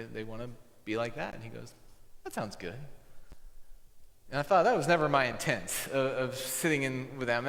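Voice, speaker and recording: A man preaches in a relaxed, conversational way, trading voices as he retells a story. His voice sits at an ordinary middle pitch. The recording carries the long reverb of a large church sanctuary. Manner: conversational, acts out dialogue in a story. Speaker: pastor. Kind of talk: sermon with storytelling.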